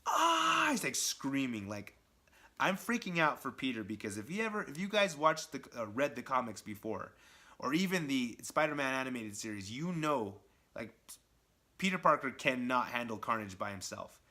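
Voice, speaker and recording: Excited man reviewing comics. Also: medium pitch, normal speed. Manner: excited, enthusiastic, chatty. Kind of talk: casual video review.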